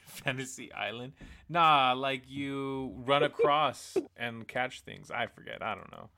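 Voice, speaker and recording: A man's voice: mid-range voice, slow pace, pushed and bright, no echo. Rambling man in casual chat. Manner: rambling, laughs mid-sentence.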